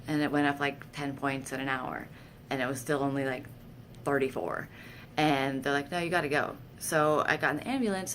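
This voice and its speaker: A deep-voiced woman vlogger, talking a little fast, tells casual personal stories to camera with candor and self-deprecation, livening up when she quotes herself. A little hiss or hum can be heard.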